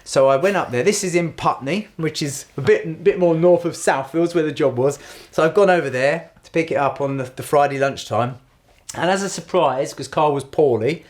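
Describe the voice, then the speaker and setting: A man's voice: fairly high pitch, darkish tone. A middle-aged man, co-hosting a podcast and telling an anecdote animatedly, acting out the voices he quotes. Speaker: podcast co-host. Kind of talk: casual storytelling chat.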